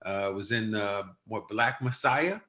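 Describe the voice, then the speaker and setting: A man's voice: lowish voice, a little slow, background noise. An older man hosting a podcast in casual chat, telling stories and acting out quotes with gusto. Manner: animated storyteller, acts out quotes loudly. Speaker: podcast host.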